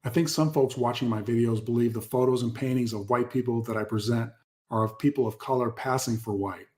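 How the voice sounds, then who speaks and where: Speaking briskly in a darkish, mid-range voice, a channel host reads passages aloud and adds emphatic commentary. He leans on repeated key words and talks straight to his audience.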